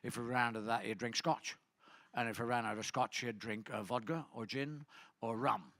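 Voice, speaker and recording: A man's voice: medium pitch, fairly even intonation, moderate pace, a bit bright, dry recording. A middle-aged man doing a stand-up comedy set, rambling and chatty as he teases the audience. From Ireland.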